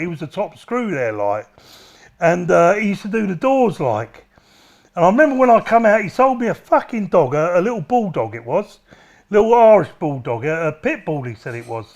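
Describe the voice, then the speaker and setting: Animated, high-voiced man telling stories. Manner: rambling, profane, laughing storyteller. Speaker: interview guest. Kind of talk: casual storytelling.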